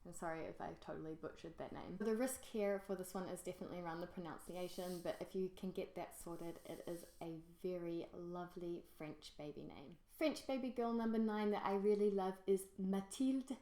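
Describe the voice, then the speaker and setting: A woman's voice: lowish voice, steady tone, a little fast, few pauses, mellow. Woman, casual vlogger, enthusiastic, echoey room. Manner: enthusiastic, gushing about favourites. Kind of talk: casual presenting to camera. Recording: roomy echo.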